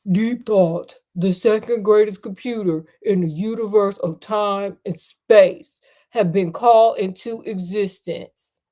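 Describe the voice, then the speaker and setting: A woman voicing a huge, contemptuous supercomputer, crooning slowly in a deep put-on voice during a livestream read-aloud. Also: mellow, close to an everyday voice. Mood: grandly aloof. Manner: slow, low crooning delivery.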